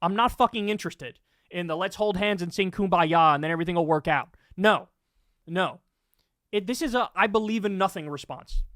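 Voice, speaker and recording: A man's voice: high-pitched, normal speed, fairly bright tone, dry recording, studio quality. A man hosting political commentary, ranting angrily with lots of swearing. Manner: angry, profane ranting.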